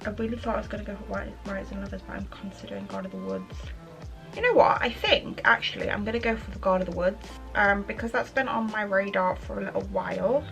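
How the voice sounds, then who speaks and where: A woman's voice: medium pitch, lively intonation, fast talker, vocal fry, few pauses, a bit bright, faint music behind, rough recording. A young woman chatting casually in a reading vlog, thinking aloud with many ums. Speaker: book vlogger.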